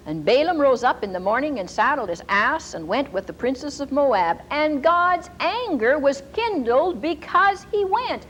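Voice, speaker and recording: A woman Bible teacher giving a storytelling sermon in an animated way and laughing often. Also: high voice, a little slow, few pauses, a little hiss or hum, poor audio.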